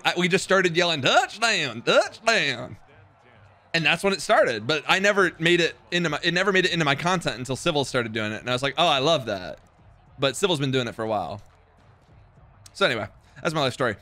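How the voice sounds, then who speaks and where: A young man streaming a football video game, chatting casually with his viewers, excitable and swearing, with sudden loud outbursts. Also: fairly high pitch. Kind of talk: live game stream commentary.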